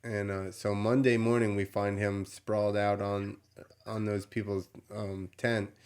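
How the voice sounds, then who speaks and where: A man hosting a podcast, telling a story in a casual, animated way, with swearing and laughter. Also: lowish voice, clean tone. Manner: animated, profane, laughs while telling stories. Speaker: podcast host.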